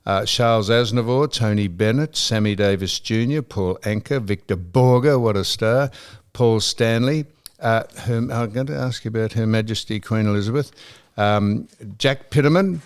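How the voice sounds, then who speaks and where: An older Australian man hosting a podcast interview, asking questions in a halting, hesitant way. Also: on the low side, clean tone. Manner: hesitant, halting, many fillers and restarts. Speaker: podcast host. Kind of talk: casual interview.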